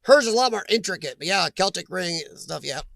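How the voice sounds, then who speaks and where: A man's voice: sits high, expressive, fairly quick, gravelly, fairly bright tone, no echo. A man hosting a casual live chat, reading viewer names aloud and laughing often. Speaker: livestream host reading chat.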